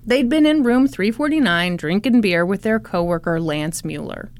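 A woman's voice: medium pitch, lively intonation, normal speed. A woman co-hosting a podcast, telling a true-crime story casually with sarcastic, laughing asides and swearing.

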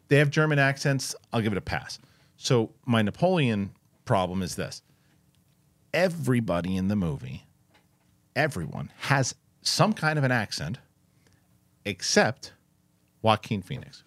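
A man's voice: on the low side, dry recording. A man co-hosting a podcast, chatting casually about a film with lots of restarts and some swearing. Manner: rambling, frequent restarts, swearing. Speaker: podcast co-host. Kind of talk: casual movie review chat.

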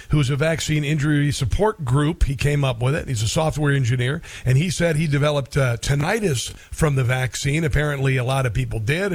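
A man's voice: mid-range voice, creaky, dry recording. A middle-aged man hosting talk radio in a rambling, folksy monologue full of fillers.

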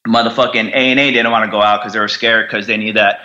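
A young man, a Marine veteran, telling his story bluntly in an interview, with heavy swearing and halting restarts. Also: fairly low pitch, little pitch movement, bright, forceful tone, muffled recording.

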